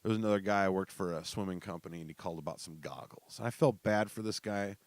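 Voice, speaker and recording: A man with a deep voice hosts a podcast, talking fast with no echo. He casually tells profane, joking stories about work, dropping in laughing asides.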